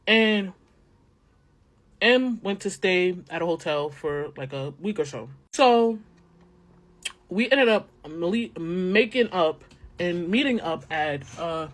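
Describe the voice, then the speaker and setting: A woman's voice: lowish voice, expressive, slow pace. A woman telling a candid casual storytime about her relationship, chatty and slangy.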